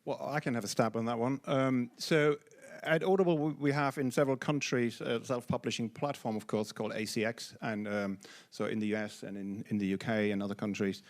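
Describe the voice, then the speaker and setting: A man from an audiobook company answering a question on a panel in a measured, slightly hesitant way. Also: medium pitch, steady tone.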